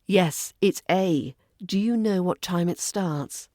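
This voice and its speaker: A woman with a Southern English RP accent gives a scripted podcast lesson, speaking slowly and with care. Her tone is mellow and polite. The recording is dry and close, with no room sound. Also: lowish voice, no room sound. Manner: clear, measured, polite teaching delivery. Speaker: British accent coach and podcast host.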